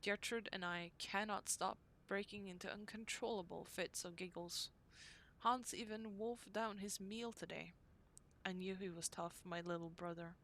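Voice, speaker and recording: A woman reading aloud the diary entries of a young woman devoted to her brother, in an earnest, unhurried way. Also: mid-range voice, fairly even intonation, fairly bright tone, a little hiss or hum, close to an everyday voice. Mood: joyful.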